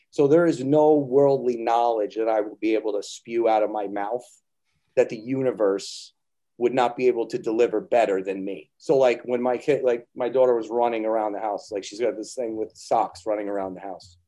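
A man with a fairly low, mellow voice chats casually as a podcast guest. He tells loose stories packed with swearing and acts out quotes.

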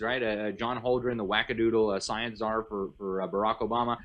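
A man with a fairly low voice talks as a guest on a show. He is emphatic and rattles off long lists in animated interview talk. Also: brisk, hardly any pauses, highs cut off. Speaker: guest commentator.

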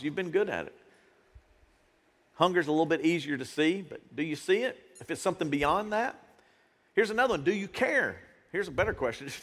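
A middle-aged man preaching a sermon as pastor, in a lively, conversational way. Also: on the high side. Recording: reverberant church hall.

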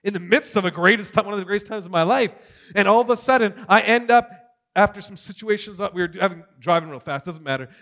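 A man giving a testimony sermon, telling his story with big swings between loud and hushed. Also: high voice, fast talker. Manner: animated storytelling, swings from shouting to near whisper. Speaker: preacher.

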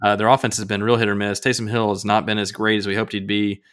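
A man co-hosting a casual podcast, talking in a relaxed, teasing way with fillers. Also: fairly low pitch, fast talker, smooth. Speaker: podcast co-host. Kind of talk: casual sports and movie chat.

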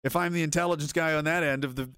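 A man streams loose, rambling commentary in a fairly high voice, restarting sentences, swearing freely and chuckling between thoughts. His voice sits close and dry, with no room sound around it. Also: fairly even intonation, quick pace, fairly bright tone, clean tone, no room sound. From North America. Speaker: streamer reading chat. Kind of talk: casual commentary.

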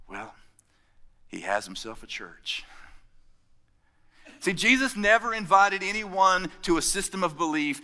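A man preaching a sermon, telling stories and acting out the quotes, dropping from loud to hushed. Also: fairly high pitch, long reverb tail. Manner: storytelling with acted-out quotes, swinging from loud to hushed. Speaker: pastor.

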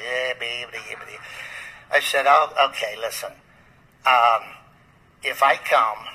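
A man's voice: mid-range voice, pushed and bright, slightly rough, low-quality recording. A man, a pastor, telling a long story in a rambling way with many fillers and restarts. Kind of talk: storytelling in a podcast interview.

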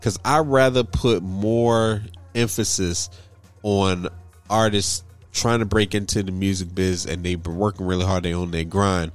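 A man co-hosting a casual chat, talking in an earnest, measured way and restarting phrases. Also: deep voice, fairly even intonation, faint music behind.

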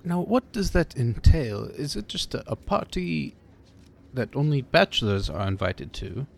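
A curious, polite gentleman with a formal way of speaking, voiced by a man. His voice is gravelly and swoops lively up and down. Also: medium pitch, a little slow, heavily acted. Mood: puzzled. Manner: inquisitive, formal.

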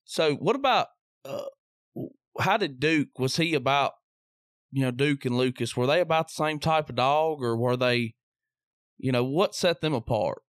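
A man's voice: medium pitch, expressive, normal speed, fairly bright tone, no room sound, studio quality. Hesitant male interviewer. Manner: hesitant questions with many fillers. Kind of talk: casual interview.

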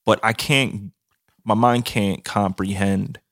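A man's voice: lowish voice, steady tone, slow pace, fairly bright tone, dry recording, clean studio sound. A man co-hosting a casual podcast, telling stories in a loose, profane way with lots of filler words. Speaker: podcast co-host. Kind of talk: casual chat.

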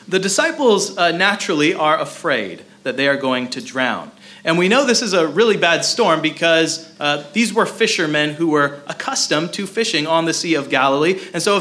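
A man's voice: on the high side, pushed and bright. A man preaching a sermon in a conversational way, with many filler sounds as he explains a Bible passage. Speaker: pastor.

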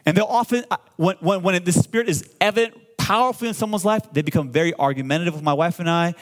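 Preaching with animation and plenty of call-and-response, a forties-aged pastor frequently stammers and repeats himself when worked up. He has a high voice and a quick pace.

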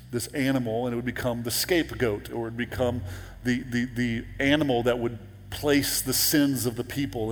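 Pastor preaching in a reverberant church hall. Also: male voice, mid-range voice. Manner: conversational, repeats words and restarts, rises to emphatic peaks. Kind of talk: sermon. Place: church sanctuary.

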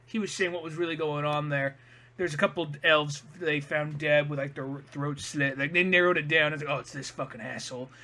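A man's voice: fairly high pitch, fairly even intonation, moderate pace, sharp tone. A man joking crudely about a film he is watching with a friend, swearing and riffing on the characters. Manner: joking, profane, riffs on characters. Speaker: co-commentator. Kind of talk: crude comedic commentary on a film.

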